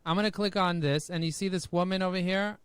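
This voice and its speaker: A man talking as a podcast guest over a video call, high-energy and jokey, full of rhyming catchphrases. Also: fairly even intonation, fast talker, a bit bright, a little hiss or hum. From United States.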